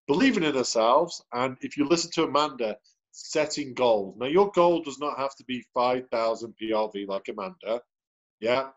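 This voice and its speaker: A man hosting a sales team video call, chatting cheerfully and greeting people one by one. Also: medium pitch. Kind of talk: upbeat motivational team call. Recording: dull lo-fi video call audio.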